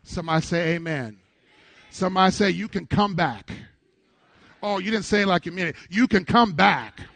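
Middle-aged male pastor, high-pitched and dry-miked, preaching a lively call-and-response sermon. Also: a little fast, no echo. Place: church before a congregation.

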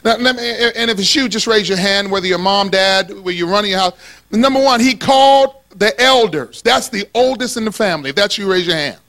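Male pastor, very high voice, animated sermon, call-and-response with congregation. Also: a little fast. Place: church sanctuary with congregation.

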